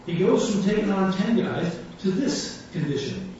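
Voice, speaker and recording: A man's voice: high-pitched, animated, normal speed, darkish tone. A man preaching a sermon, telling a story with animation and acting out the voices of the people in it. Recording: echoey hall, distant mic, dull sound, faint room hum.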